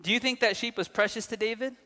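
A young man preaching a sermon, lively, asking the congregation questions and telling anecdotes. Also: sits high, fast talker. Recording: long reverb of a large hall.

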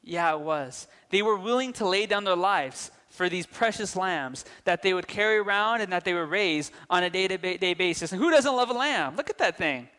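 A young man preaching a sermon, lively, asking the congregation questions and telling anecdotes. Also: high voice, moderate pace, hardly any pauses. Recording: long reverb of a large hall.

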